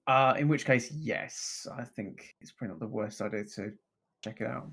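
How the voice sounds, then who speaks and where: A man's voice: mid-range voice, moderate pace, creaky, a bit bright, slightly rough. A man playing in a tabletop game, asking questions in a hesitant way. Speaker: player. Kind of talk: tabletop role-play chat.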